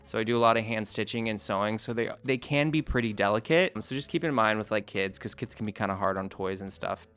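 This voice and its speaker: Laid-back gravelly man showing off crafts. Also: lowish voice, fast talker, fairly bright tone. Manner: laid-back, rambling, self-deprecating, many fillers. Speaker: crochet maker presenting his handmade shop. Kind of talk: casual vlog show-and-tell. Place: indoor room at home.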